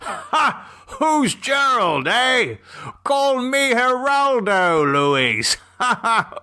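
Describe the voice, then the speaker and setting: A man's voice: medium pitch, big pitch swings, measured pace, bright, forceful tone, pitched above the performer's own voice, heavily acted. A man doing a jolly bumbling retiree. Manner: hearty, bumbling, exclaiming. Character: jolly, self-pleased 55-year-old English retiree man. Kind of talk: audiobook character reading.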